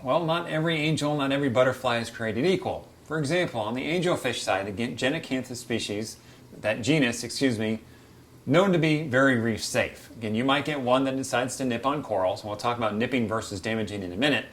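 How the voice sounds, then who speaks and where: A man hosting a casual aquarium Q&A from beside his reef tank, chatty and quick to act out little quoted voices. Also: medium pitch, fairly bright tone. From United States. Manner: chatty, acts out quotes of fish and hobbyists. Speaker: aquarium hobby show host. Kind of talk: casual Q&A explainer.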